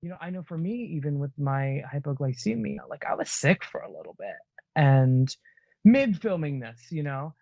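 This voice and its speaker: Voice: mid-range voice, very animated, moderate pace, creaky, no echo, lo-fi sound. A podcast co-host in casual chat, rambling and enthusiastic with many restarts.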